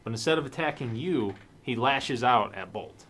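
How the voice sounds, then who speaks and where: A man running a tabletop game as game master, casual and quick to laugh, swearing now and then. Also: mid-range voice, animated, a bit bright, slight background noise.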